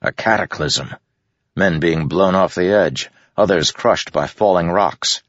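A man narrating a fantasy audiobook with a steady, measured reading, in a dull, dry recording. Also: sits low, dry recording.

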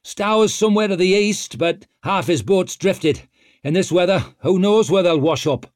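A man's voice: high-pitched, lively intonation, moderate pace, no echo, studio quality, pitched above the performer's own voice. A man voicing a big, grim male warrior who grunts and roars his lines. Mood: grim, shouting. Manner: gruff, loud and roaring.

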